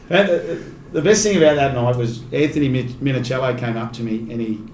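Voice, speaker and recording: An Australian man, a rugby league commentator, telling stories in a casual podcast chat and laughing often. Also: mid-range voice. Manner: chatty, laughs often mid-story. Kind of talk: casual storytelling. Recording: echoey room, faint noise.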